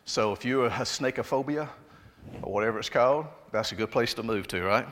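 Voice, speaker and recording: A pastor with a Southern Alabama accent delivers a sermon in an easygoing, conversational way, turning to chat with his congregation. His voice sits at an ordinary pitch for a man. It rings out with a long reverb, as in a large church hall. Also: brisk, a bit bright. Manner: conversational, folksy asides to the congregation.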